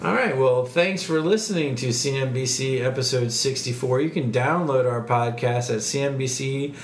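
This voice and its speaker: A man's voice: medium pitch, normal speed. Male podcast host, casual, jokey, fumbly, recorded in an echoey room. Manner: loose, joking, stumbles over words.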